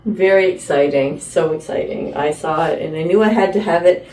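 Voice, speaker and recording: A woman's voice: fairly low pitch, normal speed, darkish tone. Canadian woman vlogger, casual rambling chat, filmed from across a roomy space. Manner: chatty, playful, rambling asides. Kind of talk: casual chat while trying on clothes. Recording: roomy, distant, faint room noise.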